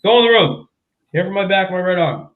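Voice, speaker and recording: Animated, profane man on a tinny line. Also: high voice, a little fast, roomy sound. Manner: profane, animated storyteller who acts out quotes. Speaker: podcast host. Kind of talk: casual chat, storytelling.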